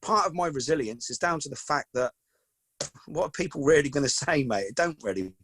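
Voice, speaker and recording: A man, a podcast guest telling stories in a lively, casual way and calling the host "mate". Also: on the high side, a little fast, a little hiss or hum. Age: 40s. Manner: lively anecdotal, peppers talk with "mate" and "do you know what I mean". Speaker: podcast guest, football coach. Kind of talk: casual storytelling chat.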